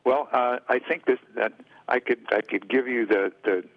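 A man's voice: medium pitch, fairly even intonation, normal speed, no echo. A man from Oregon, a guest on a radio show, speaking hesitantly with many fillers and restarts. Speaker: guest, dance caller. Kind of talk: casual radio interview. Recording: dull radio line.

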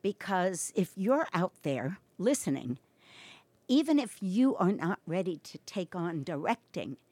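A woman's voice: fairly low pitch, very animated, a little slow, darkish tone, no room sound. A woman hosting a local radio arts show, chatting with guests and asking follow-up questions. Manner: conversational, asks follow-up questions. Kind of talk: casual radio interview.

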